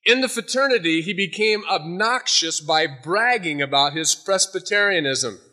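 A man's voice: high voice, animated, moderate pace, pushed and bright. A male pastor preaching a sermon, telling a humorous story and then urging his listeners earnestly.

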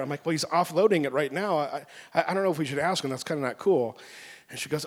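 A man's voice: a little high, fast talker. Preacher man in a reverberant hall. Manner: animated storytelling, acting out his own outbursts. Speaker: pastor. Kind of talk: sermon.

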